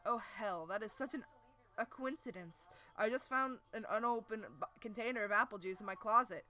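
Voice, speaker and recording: A cool, unbothered teenage boy lazily typing to his best friend, put on by a woman reading a webcomic aloud. The voice sits a little high and sounds bright and forward. Faint music plays underneath. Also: fairly quick. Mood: offhand. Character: laid-back cool teen boy chatting online.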